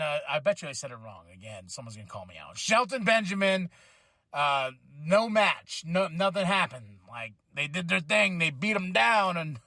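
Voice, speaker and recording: A man with a high, bright voice reviews a wrestling show on his podcast in an excitable, casual way. He swears freely and laughs often. The recording is dry and close. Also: no echo. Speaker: podcast host.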